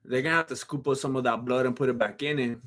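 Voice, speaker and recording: A man hosting a live stream, reacting to a fight with excitable, teasing commentary. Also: medium pitch, quick pace. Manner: excitable, laughs often, teasing.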